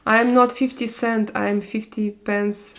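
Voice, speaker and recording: A woman in her forties with a Russian accent hosts a casual live stream, chatting with viewers in non-native English full of fillers and restarts. Her voice is on the high side, level in tone, and unhurried.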